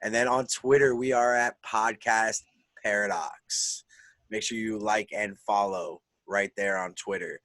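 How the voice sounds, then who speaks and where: A man's voice: fairly low pitch, steady tone, unhurried, fairly bright tone, no echo. A man co-hosting a wrestling podcast in casual chat, enthusiastic and peppering his talk with "man" and "dude". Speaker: podcast co-host.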